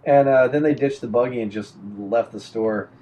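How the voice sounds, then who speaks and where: A man's voice: mid-range voice, normal speed, dull audio. A young adult man chatting casually and telling a rambling story, full of restarts and fillers.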